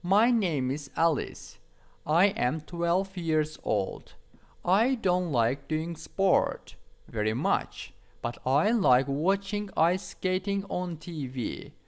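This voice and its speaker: A man's voice: fairly high pitch, lively intonation, takes it slowly, voice pushed up. A man reading aloud a twelve-year-old girl's self-introduction from a textbook script. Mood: plain.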